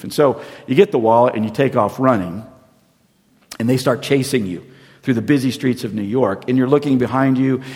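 A man preaching a sermon as pastor, telling a story that swings from loud emphasis down to near-whispers. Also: medium pitch, creaky. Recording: long hall reverb.

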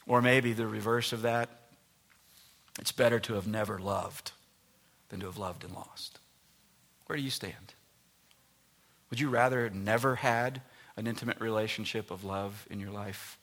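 A male pastor preaching a sermon, swinging between loud emphatic lines and soft near-whispers. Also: fairly low pitch, vocal fry.

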